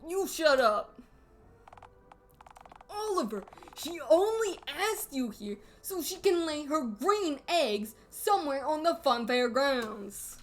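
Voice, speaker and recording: A woman's voice: high voice, very animated, takes it slowly, soft background music, pitched above the performer's own voice, full character voice. A woman voicing snarky phone-headed carnival characters, reading game dialogue aloud in a sardonic, teasing manner.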